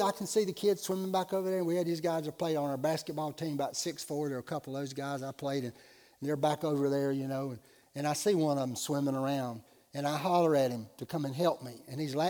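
A male pastor with a notably high voice delivers a sermon, moving from relaxed storytelling to loud, driving emphasis. His words ring out with a long reverb tail, as if from a church sanctuary.

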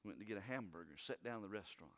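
A man preaching a sermon, swinging between loud urging and hushed, earnest talk. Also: lowish voice, expressive, racing.

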